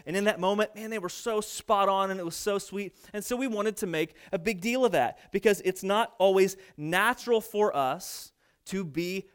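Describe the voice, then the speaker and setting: A man's voice: sits high, fairly bright tone, clear, resonant tone. A man in his thirties preaching a sermon as pastor, telling family stories in a conversational, self-deprecating way. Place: church stage.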